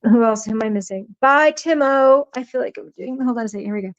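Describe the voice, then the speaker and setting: A woman's voice: medium pitch, fairly even intonation, very fast, mellow, no echo, lo-fi sound. A woman hosting a live stream, chatting casually and teasing people in the chat, her voice worn out. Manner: playful, teasing, reads chat names aloud.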